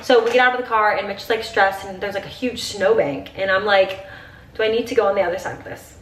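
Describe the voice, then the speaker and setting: A woman's voice: medium pitch, steady tone, fast, a bit bright, distant mic. Young woman, 20s, chatty get-ready-with-me vlogger; gushing, filler-heavy, teary; roomy room sound. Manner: chatty, gushing, says "like" constantly. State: teary, crying at times.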